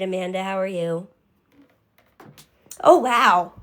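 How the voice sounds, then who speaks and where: A woman's voice: mid-range voice, slow, pauses often, a bit bright. A young woman talking candidly on a live stream, answering viewers by name in casual chat.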